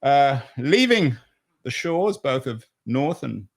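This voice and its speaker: A man hosting a podcast interview, making wry remarks in a halting way with restarts. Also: mid-range voice, big pitch swings. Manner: wry, hesitant, many fillers and restarts. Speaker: podcast host. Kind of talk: conversational interview.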